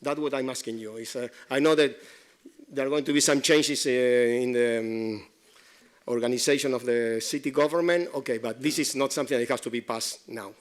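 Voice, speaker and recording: A man giving public comment at a city meeting, halting and repeating himself while pressing his complaints. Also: mid-range voice, steady tone.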